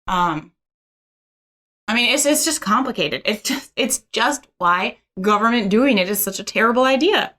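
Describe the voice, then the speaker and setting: A woman's voice: fairly high pitch, lively intonation, normal speed, pushed and bright. A woman co-hosting a casual political podcast, blunt and sardonic. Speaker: podcast co-host.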